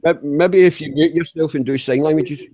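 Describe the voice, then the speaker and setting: A man's voice: fairly high pitch, a little fast, dark tone, muffled recording. A man in casual online group chat, teasing and joking, with stammered restarts. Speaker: chat participant.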